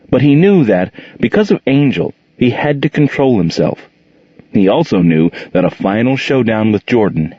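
A male audiobook narrator with a low, husky voice that rises and falls a lot as he tells the story. He reads expressively and slips into character voices. The recording is dry, dull and muffled. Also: dry recording.

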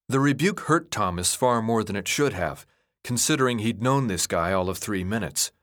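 Expressive male audiobook narrator. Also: on the low side, normal speed. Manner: expressive storytelling. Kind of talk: scripted narration.

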